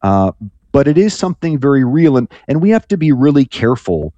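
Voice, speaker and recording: A man's voice: mid-range voice, very animated, brisk, warm tone, no room sound, muffled recording. A man who is a priest, guest on a call-in radio show, speaking thoughtfully and rambling with restarts. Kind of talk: reflective radio talk.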